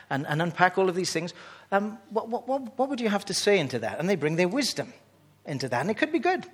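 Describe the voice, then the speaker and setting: A man delivers a sermon to his gathered church, his husky voice sitting at an ordinary middle pitch. He talks animatedly, stumbling over and repeating words as his excitement rises. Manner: animated, with frequent restarts and rising excitement. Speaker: preacher.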